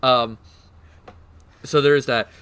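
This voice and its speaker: A man streaming, excitedly explaining game lore in casual chat, swearing and laughing. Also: medium pitch, slow pace, clear, resonant tone.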